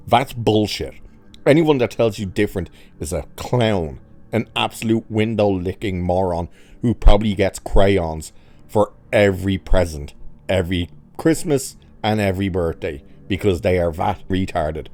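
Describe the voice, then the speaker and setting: A man's voice: on the low side, lively intonation, measured pace, a little mellow. A man hosting a commentary channel, ranting in a mocking, sarcastic, angry way.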